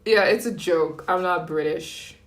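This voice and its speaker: A woman's voice: lowish voice, unhurried. A young American woman chatting casually on a live stream, greeting and thanking viewers as they join. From United States. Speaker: travel vlogger live streaming.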